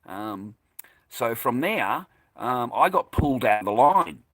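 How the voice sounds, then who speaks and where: A man's voice: mid-range voice, very animated, slow, a bit bright, dry recording. An Australian man telling a personal story in a casual, profane, combative monologue. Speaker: vlogger recounting a personal incident.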